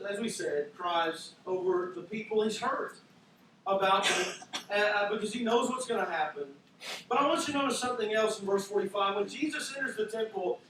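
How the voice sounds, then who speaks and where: Man, pastor, sermon, high-pitched, self-deprecating asides, echoey church hall, faint background noise. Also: a bit bright, distant mic.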